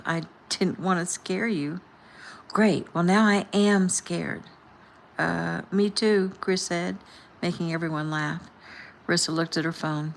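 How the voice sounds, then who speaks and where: A woman, the author, casually reading her own novel aloud and softly voicing the characters' dialogue. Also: low-pitched, a little hiss or hum.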